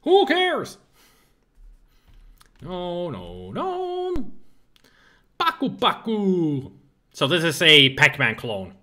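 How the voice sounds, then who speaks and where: Animated, swearing retro-game streamer man. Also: high-pitched, drawn-out words, pauses often. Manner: chatty, laughs often, swears freely, mocks the game. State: tired. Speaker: livestreamer playing retro games. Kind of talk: casual live gameplay commentary.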